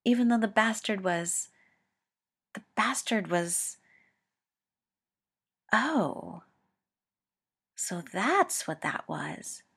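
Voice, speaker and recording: A woman reading a story aloud, slowly and with feeling. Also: medium pitch, gravelly, slightly rough. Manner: slow and expressive. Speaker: reader.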